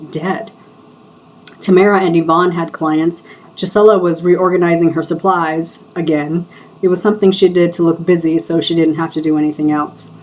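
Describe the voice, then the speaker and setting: A woman with a lowish voice reads aloud from her own novel. She voices each character's dialogue in a different way. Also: a little hiss or hum, poor audio. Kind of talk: live book reading.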